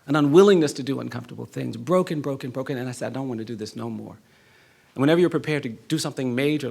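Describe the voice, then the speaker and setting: Gravelly, husky man telling a story. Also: medium pitch. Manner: measured, repetitive cadence, quiet intensity rising to emphasis. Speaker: law professor giving a lecture. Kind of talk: storytelling lecture. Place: lecture hall.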